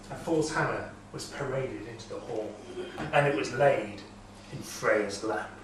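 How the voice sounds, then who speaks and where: A man telling a myth live in a castle great hall, dramatic, swelling loud and dropping to a hush. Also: medium pitch, unhurried, slight background noise. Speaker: storyteller. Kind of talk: live oral storytelling. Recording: echoey hall from far off.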